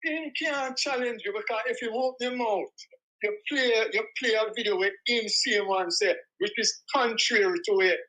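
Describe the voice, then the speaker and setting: A man's voice: high-pitched, normal speed, pushed and bright, poor audio. A man, agreeing and chiming in during casual chat. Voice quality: agreeing, chiming in with short replies.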